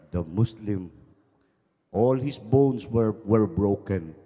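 A man preaching a sermon, telling joking stories in an animated way with many restarts. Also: lowish voice, a little slow. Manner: animated storytelling, frequent restarts. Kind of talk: sermon with jokes. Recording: long reverb of a large hall.

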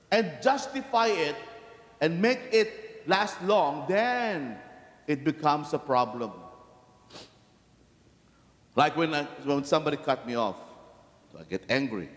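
A man, a Catholic priest, giving a lively, conversational sermon, putting many questions to the congregation. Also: on the high side. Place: large church. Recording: echoey church hall from a distance.

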